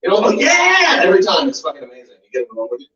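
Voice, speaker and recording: A man's voice: medium pitch, animated, very fast, a loud crowd. A man in his forties doing a profane stand-up set, with laugh and voice impressions. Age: 40s. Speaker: stand-up comedian. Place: small comedy club basement. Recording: roomy, distant, muffled live recording.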